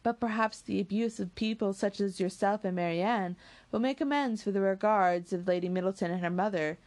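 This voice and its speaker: A woman voicing a calm, sensible young woman who speaks softly and reasons carefully. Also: mid-range voice, close to an everyday voice. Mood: reasoning. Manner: measured, soft, reasoning.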